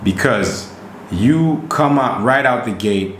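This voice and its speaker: A man co-hosting a podcast in casual chat, animated and emphatic, often checking in with "right?". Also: mid-range voice, slow pace, a little hiss or hum. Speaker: podcast co-host. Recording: roomy recording.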